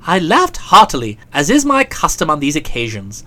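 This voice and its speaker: A woman's voice: deep voice, wildly swooping pitch, moderate pace, bright, forceful tone. A woman narrating a comic novel aloud in a dry, wry storytelling manner. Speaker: audiobook narrator.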